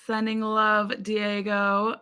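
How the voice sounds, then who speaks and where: An American woman hosts a casual live stream, reading comments, greeting viewers by name and saying "um" a lot. Her mid-range voice is monotone and slow yet pushed and bright. The tone is clean.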